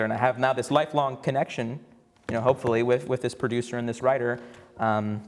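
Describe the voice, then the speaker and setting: A young man in his twenties telling a story to a campus audience, chatty, with lots of fillers, restarts and laughs. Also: mid-range voice. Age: 20s. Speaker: alumnus guest actor. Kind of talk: casual storytelling on stage. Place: campus event in a large room before an audience. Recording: long hall reverb.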